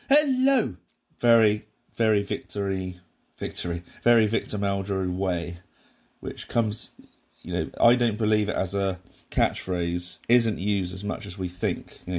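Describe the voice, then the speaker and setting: A man with a very low voice talks through a sitcom episode. His commentary is casual and rambling, full of restarts and side remarks. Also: a little mellow. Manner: rambling, with many restarts and asides. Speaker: podcast host reviewing a sitcom.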